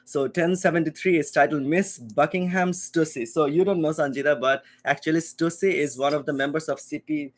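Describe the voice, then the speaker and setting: Male streamer host, slightly high pitch, patient and chatty, occasional cough. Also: fairly even intonation, a little fast, hardly any pauses. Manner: explains patiently, many restarts. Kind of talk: casual chat on a livestream.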